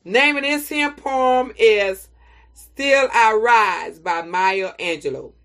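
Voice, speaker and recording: A woman giving a motivational talk and reciting a poem, speaking deliberately like a preacher and repeating phrases for emphasis. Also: fairly high pitch, a bit bright. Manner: slow, deliberate, preacher-like exhortation.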